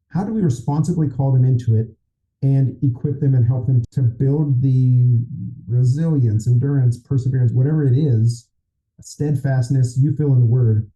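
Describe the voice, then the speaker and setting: A host poses his questions slowly, weighing each word as he goes. His voice is very dark and mellow, and the recording sounds dull and a little lo-fi. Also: medium pitch. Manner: measured, searching for words. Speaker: podcast host. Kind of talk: casual podcast conversation.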